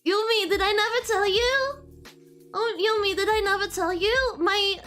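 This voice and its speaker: A woman's voice: extremely high pitch, moderate pace, bright, forceful tone, faint music behind. A woman whose first language is French, giggling and playfully sidetracked as she teaches French on a casual live stream. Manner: giggly, playful, easily distracted.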